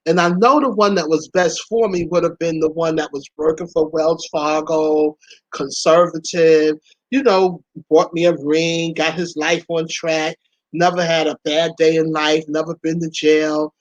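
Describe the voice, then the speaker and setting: A woman's voice: deep voice, flat delivery, unhurried, no echo, highs cut off. A woman hosting her own channel, chatting candidly about past relationships, laughing often and talking to listeners as y'all. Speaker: vlog host.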